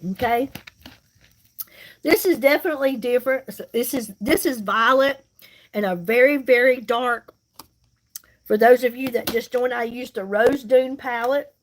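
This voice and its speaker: A woman's voice: fairly high pitch, measured pace, long pauses. A woman, chatting casually with viewers while she does her makeup on a livestream, folksy and reassuring. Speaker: makeup livestream host and seller. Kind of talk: casual live chat while doing makeup.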